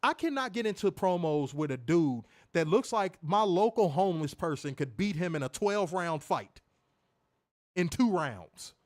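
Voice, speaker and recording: At a moderate pace and with a high-pitched voice, a man co-hosts a wrestling review show. He gives casual, profanity-laced commentary, animatedly imitating voices, swearing often, and laughing loudly.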